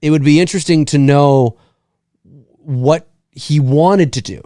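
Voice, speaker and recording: A man's voice: a little high, measured pace, dark tone, no echo, clean studio sound. A man co-hosting a live film commentary in a laid-back way, chuckling often and reading viewer comments aloud. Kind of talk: live movie commentary chat.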